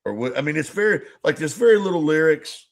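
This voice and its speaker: A man co-hosting a podcast in casual chat, rambling and halting, full of restarts and swearing. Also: a little high, lively intonation, creaky. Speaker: podcast co-host.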